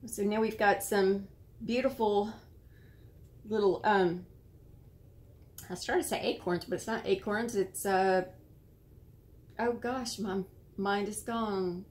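An American woman hosting a casual show-and-tell of handmade cards, admiring and gentle, sometimes searching for words. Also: medium pitch, steady tone, slow pace, pauses often. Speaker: card-making channel host.

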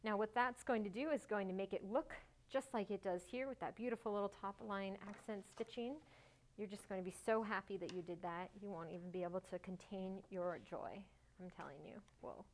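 A woman hosting a sewing tutorial, talking casually and cheerfully through each step, joking at herself and breaking into little bursts of excitement. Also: medium pitch, fairly quick, slight background noise. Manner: chatty, self-mocking, bursts of excitement.

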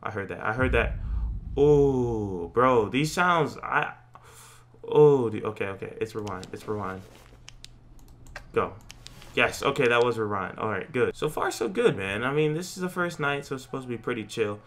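Young man yelling through horror game commentary. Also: mid-range voice, moderate pace, slight background noise. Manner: joking slangy banter, yelps at jump scares. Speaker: gaming YouTuber.

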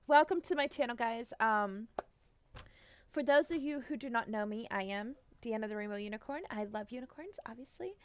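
A woman's voice: fairly high pitch, animated, fast talker, dry recording. A woman live-streaming a game, chatting casually and bubbly, giggling and greeting viewers by name. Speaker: Twitch streamer.

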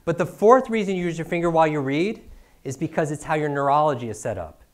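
A middle-aged man speaks fast in a slightly high, expressive voice while teaching speed reading at a lively live seminar. He tosses out rhetorical questions and tacks "right?" onto his lines.

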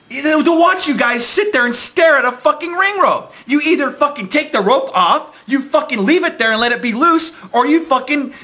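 A man's voice: high voice, pushed and bright. A young man ranting angrily about a wrestling show, swearing constantly and restarting his sentences. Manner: angry, profane, repetitive restarts. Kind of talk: profane fan rant monologue.

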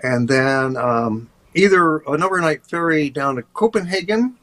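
A man's voice: fairly high pitch, moderate pace. Man narrating a travel route enthusiastically. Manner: relaxed, enthusiastic, walking through stops one by one. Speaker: tour guide. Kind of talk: casual interview, describing a travel route.

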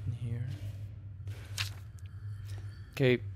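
A man's voice: medium pitch, slow, a little hiss or hum. Jumpy man streaming a horror game. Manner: startled, jumpy exclamations; enthusiastic reactions. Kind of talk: horror game livestream commentary.

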